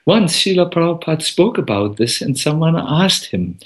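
A man giving a devotional talk as a monk, telling a story in an unhurried, gentle way with many pauses. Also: on the high side, big pitch swings.

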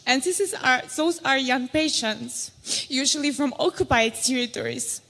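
A young woman from Ukraine with a Ukrainian accent, answering an onstage interview in an earnest, emotional, halting way. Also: high-pitched, fairly bright tone, long reverb tail. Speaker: pageant contestant.

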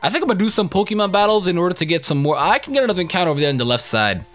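A young man commenting on his own game playthrough, excitable, crude and joking. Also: sits high, rapid-fire, faint music behind. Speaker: gaming YouTuber. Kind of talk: let's play commentary.

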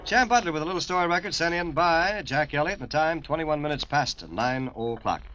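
A man's voice: fairly high pitch, expressive, fairly quick, loud music behind the voice. Folksy 1950s radio disc jockey, man. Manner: chatty, folksy storytelling. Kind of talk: morning radio patter and story reading. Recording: dull 1950s radio aircheck.

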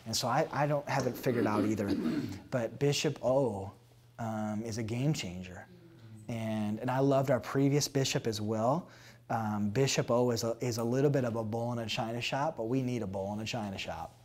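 A pastor in his thirties answering interview questions candidly, acting out past conversations with animated storytelling. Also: medium pitch, moderate pace. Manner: animated storytelling, acts out dialogue.

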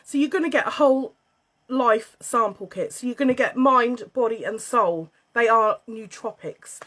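A British woman hosting a casual livestream from home, bubbly, excitable and a bit scatty as she chats to viewers. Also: a little high, normal speed. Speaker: livestream host selling beauty and wellness kits. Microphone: phone.

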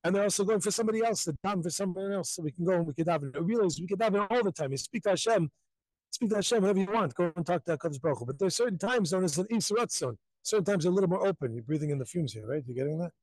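A man's voice: high-pitched, racing, dry recording, rough recording. A man from Jerusalem telling a story live as a rabbi, acting out the voices of the people in it. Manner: animated, acts out voices in stories.

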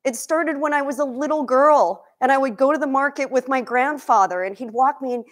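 A high-voiced woman speaks with bright energy to a live audience in a kitchen. She fires off questions, jokes and gets heartfelt about food. Her talk is quick and animated. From Egypt. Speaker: nutrition coach and cookbook author. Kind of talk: lively cooking demo talk to a live audience.

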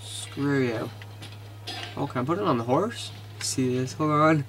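A man casually commentating his video game, excitable and easily frustrated, muttering to himself. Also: fairly high pitch, moderate pace, a little hiss or hum. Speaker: gamer.

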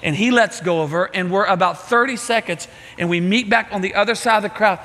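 A middle-aged man preaching a sermon, telling a story with lively acted-out voices. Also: sits high, a little fast. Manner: animated storytelling, acting out voices. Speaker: pastor. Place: church sanctuary. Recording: reverberant church hall.

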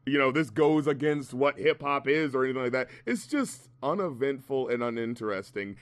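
A man's voice: mid-range voice, lively intonation, normal speed, no room sound. A man reviewing a rap album in casual podcast chat, ranting with profane, mocking humor.

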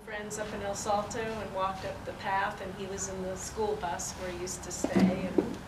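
A woman reminiscing and reading poetry aloud at a peace forum, in an unhurried, warmly reminiscing way. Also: mid-range voice, little pitch movement. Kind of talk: spoken recollection and poetry reading. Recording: roomy, distant, noisy event recording.

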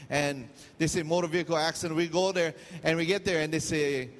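Hawaiian pastor, storytelling sermon in a reverberant hall. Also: male voice, on the high side, a little fast, hardly any pauses, a bit bright. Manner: storytelling, jokey, loose pidgin asides.

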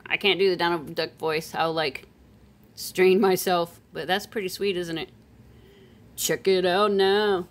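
A woman casually chatting as she unboxes silver pieces, playful and chatty, breaking into excited squeals and sing-song calls. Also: fairly low pitch, unhurried. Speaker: silver coin collector vlogger.

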